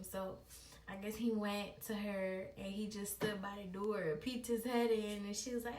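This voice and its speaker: A woman's voice: medium pitch, moderate pace, darkish tone. A woman vlogger telling a personal story in a chatty, slangy way, talking straight to her viewers. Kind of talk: casual storytime. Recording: echoey room, distant mic, faint hiss.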